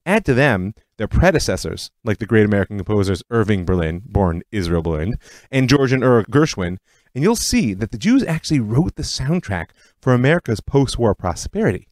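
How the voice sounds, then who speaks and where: A man narrates a history podcast in a scripted storytelling style. His voice sits on the low side but moves a lot in pitch. The recording is dry and close. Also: brisk, no room sound. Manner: storytelling, lively delivery. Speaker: podcast host.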